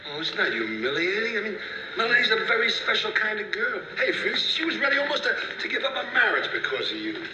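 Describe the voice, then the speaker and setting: An actor playing an eager, persuasive man with animated salesman patter in an old sitcom clip. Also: high voice, quick pace, background noise. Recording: old TV clip, roomy, far from mic, music under.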